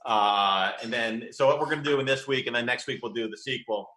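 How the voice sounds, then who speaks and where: Fast, bright-voiced man reading aloud. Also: medium pitch, reverberant, low-quality recording. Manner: animated, playing up a pompous exec voice when reading. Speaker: podcast host. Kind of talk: casual podcast chat, reading a prank letter aloud.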